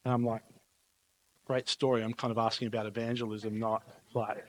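A man's voice: fairly low pitch, flat delivery, fast talker, a little hiss or hum. A man preaching a sermon, telling stories in an emphatic, conversational way and often asking "right?". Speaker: pastor.

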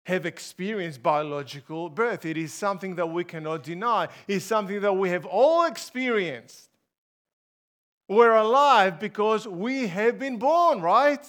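High-voiced, slow, emphatic male preacher. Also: fairly bright tone. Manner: emphatic, asks the congregation rhetorical questions. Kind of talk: sermon.

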